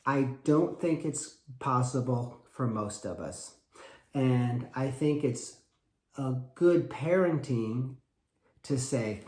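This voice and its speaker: A man's voice: mid-range voice, big pitch swings, takes it slowly, darkish tone, reverberant, a little hiss or hum. A man, a wrestling coach, giving emphatic advice and acting out short parent talks. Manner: acts out little parent dialogues, emphatic and repetitive. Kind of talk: animated coaching talk.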